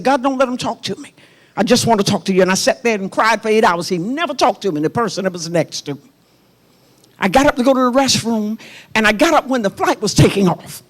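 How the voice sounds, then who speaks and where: A middle-aged woman pastor preaching a sermon in a church. She tells a personal story with passion and speaks straight to her congregation. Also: a little high. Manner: impassioned, personal storytelling, addresses the congregation directly. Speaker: pastor and prophet.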